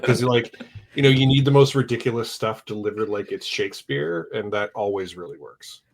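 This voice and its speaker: Low-voiced chatty male panelist. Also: moderate pace, creaky. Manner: chatty, leans on "like", trails off softly. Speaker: podcast panelist. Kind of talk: casual film discussion.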